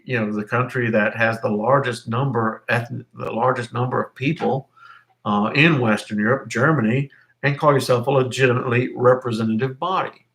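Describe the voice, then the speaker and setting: A man's voice: medium pitch, fairly bright tone. Rambling man teaching a history class. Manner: rambling, self-correcting with many fillers. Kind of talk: live-streamed lecture.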